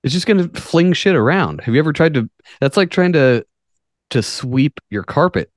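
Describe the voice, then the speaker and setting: A man's voice: fairly high pitch, expressive, moderate pace, dry recording, studio quality. A man from the United States hosting a casual podcast, reading news stories aloud with sarcastic, profane asides. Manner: profane, jokey, reads articles with sarcastic asides. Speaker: podcast host.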